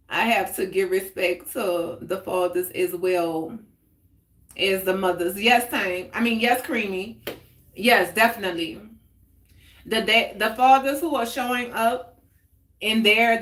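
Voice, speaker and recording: A woman in her forties hosts a relaxed heart-to-heart stream, speaking slowly and openly. She answers her viewers' comments as they come in and laughs easily. Her voice carries an echo from the room around her. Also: mid-range voice. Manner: chatty and candid, answers viewer comments aloud, laughs often. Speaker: host of a live talk stream. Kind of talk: casual heart-to-heart chat. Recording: roomy echoey sound.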